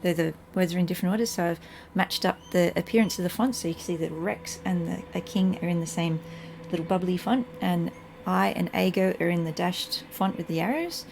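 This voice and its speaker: Middle-aged woman, warm dark tone, talks her way through a Latin reading with a home teacher's easy chuckle. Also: lowish voice, fairly quick, creaky, hardly any pauses, a little hiss or hum. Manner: thinks aloud, chuckles at own slips. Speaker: channel host reading Latin scripture. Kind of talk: casual home lesson, reading Latin and translating.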